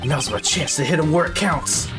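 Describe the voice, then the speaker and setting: A woman's voice: low-pitched, moderate pace, over music. A woman in a casual let's-play, joking and swearing while she voices a story game's lines. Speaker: gamer playing and voicing a story game. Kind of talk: casual let's-play commentary and reading aloud.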